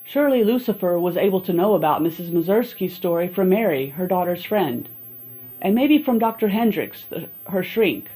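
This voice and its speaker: A woman reading a horror-comedy audiobook as a steady first-person storyteller. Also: lowish voice, normal speed, low-quality recording. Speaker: audiobook narrator. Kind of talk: scripted narration.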